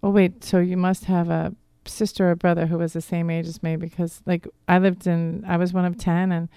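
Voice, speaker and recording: Middle-aged woman, Philly accent touched by Boston, rambling radio guest, smooth and dry. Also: lowish voice, flat delivery, moderate pace, warm tone, no echo. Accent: Philadelphia with some Boston. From Philadelphia area. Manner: rambling, friendly storytelling. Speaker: guest, divorce coach. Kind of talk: radio interview. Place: radio studio.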